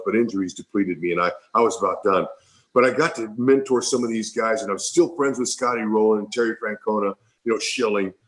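A man's voice: fairly low pitch, poor audio. A middle-aged man, a former ballplayer, telling a heartfelt story in an interview, rambling and repeating himself. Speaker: former baseball player, guest.

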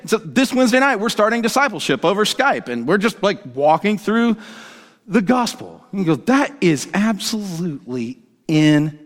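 Animated male pastor in a reverberant church. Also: sits high, brisk. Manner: animated, excitable, acts out dialogue. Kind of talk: sermon with personal storytelling. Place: church sanctuary. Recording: long hall reverb from the church.

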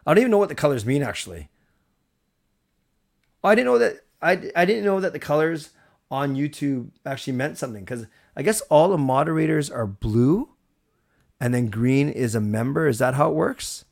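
A man's voice: a little high, expressive, moderate pace, creaky, darkish tone. Chatty, rambling male livestream host. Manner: chatty, rambling, thanks viewers. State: recovered from a cold. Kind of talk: casual live-stream chat.

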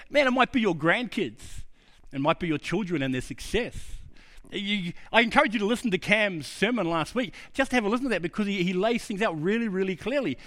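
A middle-aged man preaching a sermon, earnest and personal, telling his own stories and dropping to a low, quiet voice for emphasis.

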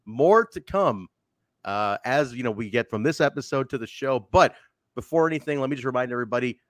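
Brief: male podcast host, lively pitch swings, bone-dry sound, jokey and playful. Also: fairly quick, no room sound. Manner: joking, animated, playful teasing. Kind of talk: casual wrestling podcast chat.

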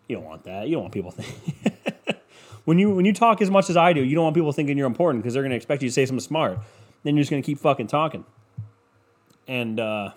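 A man rambling through a casual solo monologue at home, swearing often and putting himself down. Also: medium pitch. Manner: rambling, profane, self-deprecating.

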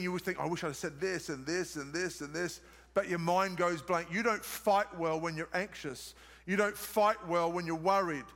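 High-voiced Australian man preaching, hall echo. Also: a bit bright. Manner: emphatic repetition, asks the congregation questions. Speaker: pastor. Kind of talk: sermon. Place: large church hall, live service. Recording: long hall reverb from live service.

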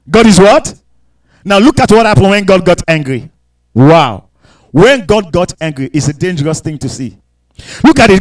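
A man delivers a fervent sermon in a notably high voice. He drops to low, close talk, then lifts scripture into loud, drawn-out proclamations, and he acts out the voices of the people he describes. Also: lively intonation, rough recording. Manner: fervent, rising to shouted scripture; mock voices of people and God. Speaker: preacher.

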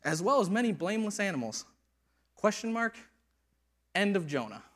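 Bright, high-voiced animated preacher man. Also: normal speed. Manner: animated, conversational, laughing asides. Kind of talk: sermon.

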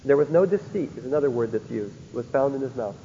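A man's voice: mid-range voice, lively intonation, fast, dark tone, slight background noise. A man teaching a Bible lecture, often stopping to ask his listeners rhetorical questions to check they follow. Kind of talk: recorded theology lecture. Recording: dull lo-fi recording in a reverberant hall.

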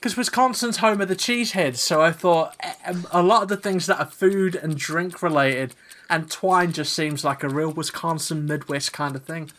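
Man, podcast co-host, casual chat, bright voice, slightly high, laughs and swears. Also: moderate pace. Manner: swearing, laughs a lot, animated storyteller.

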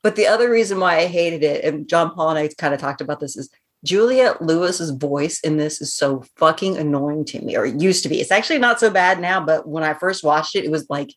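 Chatty woman host, lowish voice. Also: brisk. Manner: chatty, laughs often, says she raises her voice to carry. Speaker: podcast co-host. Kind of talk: casual chat.

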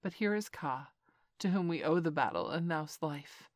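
A woman's voice: sits low, animated, normal speed, dry recording. A woman voicing a proud male panther who talks in a dry, clipped way. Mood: stern.

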